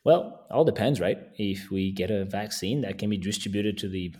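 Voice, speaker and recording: This is a man with a fairly low voice, chatting as a podcast guest. He talks in a casual, easygoing way and often chuckles between thoughts. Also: normal speed, warm tone. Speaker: guest landscape photographer.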